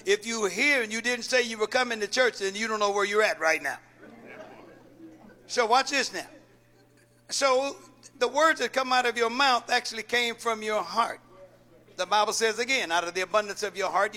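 A pastor delivers a call-and-response sermon in a high, bright, forceful voice at a moderate pace. He calls out questions for the congregation to answer and repeats key lines.

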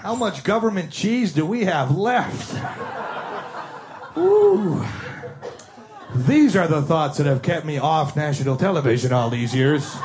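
A man's voice: on the high side, normal speed, few pauses, noisy background. A man closing a stand-up set and signing off to the audience in a breezy way. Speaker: stand-up comedian.

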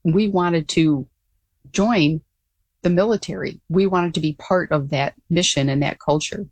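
An older woman being interviewed as a guest, telling her story in an earnest, animated way with frequent restarts. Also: lowish voice, unhurried, slightly rough, no echo. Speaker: guest, former pilot.

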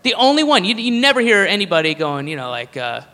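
A male stand-up comedian who rambles and swears for emphasis. His voice is high and bright. It carries a long reverb from a large venue, with faint ambience behind it. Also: sing-song, fast, slight background noise. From Southern United States.

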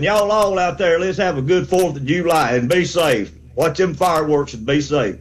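This is a man, calling in to a sports show. His voice sits a little high for a man. He rambles and fires himself up as he talks. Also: moderate pace, few pauses, rough recording. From Alabama. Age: 60s. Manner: fervent, rambling pep talk. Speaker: caller. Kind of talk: call-in sports talk.

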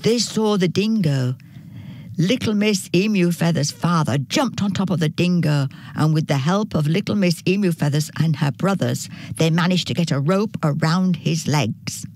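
A woman reading a children's story aloud in an animated storybook style. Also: lowish voice. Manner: slow, animated storybook narration.

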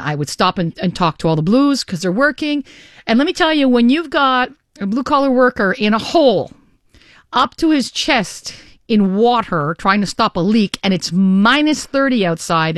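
A middle-aged woman hosting a radio car show, talking in a chatty, energetic, caffeinated way into a studio mic. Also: fairly high pitch, no echo. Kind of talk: upbeat radio talk. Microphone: studio microphone.

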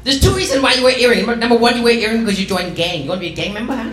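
A man voicing a strict, shouting immigrant mother who scolds her son in high, shrill, broken English during a stand-up set. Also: racing. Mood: scolding. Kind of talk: stand-up comedy. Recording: roomy club with crowd noise.

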